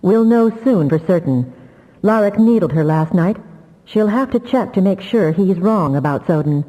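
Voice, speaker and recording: A woman voicing a calm, steady male telepath mentor who speaks grimly. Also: mid-range voice, unhurried, dull audio. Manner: casual, grim.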